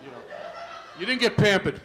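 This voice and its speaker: A man's voice: sits high, very animated, normal speed, a little hiss or hum. Older man doing stand-up, raised voice. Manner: storytelling with asides to the crowd, rising loud for punchlines. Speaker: stand-up comedian. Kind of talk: stand-up comedy set. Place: comedy club stage.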